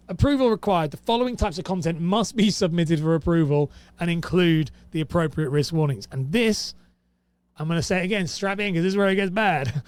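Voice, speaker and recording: A man's voice: fairly high pitch, no echo. Sarcastic, exasperated man. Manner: exasperated, sarcastic, reading aloud and reacting. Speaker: host. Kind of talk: casual commentary to camera.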